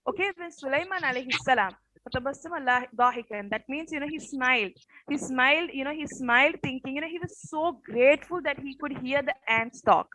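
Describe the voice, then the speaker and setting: High-voiced woman teacher with a rough morning voice. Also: fairly quick, pushed and bright, no echo, rough recording. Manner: peppers speech with "okay" and quiz questions. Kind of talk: casual classroom storytelling.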